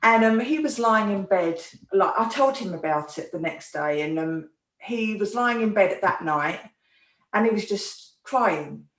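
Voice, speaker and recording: A woman, a therapist telling a personal story in an earnest, soft-spoken way, often restarting her sentences. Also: mid-range voice, animated, unhurried. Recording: roomy echo, mic at a distance.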